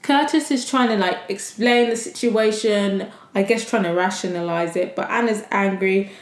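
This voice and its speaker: A woman hosting a podcast and recapping a reality show episode in casual, animated chat, swearing freely. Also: medium pitch, moderate pace, echoey room. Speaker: podcast host. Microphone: desktop USB mic.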